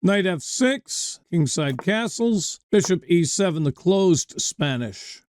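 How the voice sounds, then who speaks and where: Man, chess coach, high voice, dry close sound, chatty, calls out moves. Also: animated, slow pace, darkish tone, no room sound. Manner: chatty, digresses into anecdotes, addresses viewers. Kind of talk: chess game commentary lesson.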